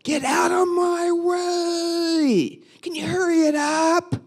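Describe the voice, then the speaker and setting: A woman acting out a rude man yelling at her from his truck in a live story. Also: extremely high pitch, little pitch movement, slow pace, voice pushed up. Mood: furious. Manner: shouting, rude. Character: angry puffy-faced man shouting from a truck.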